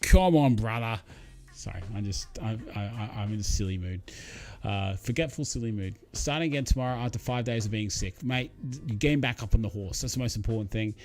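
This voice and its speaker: A man's voice: on the low side, quick pace, darkish tone. A man hosting a casual live stream, rambling and chatty as he reads out viewer comments, with many ums and uhs. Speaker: livestream host.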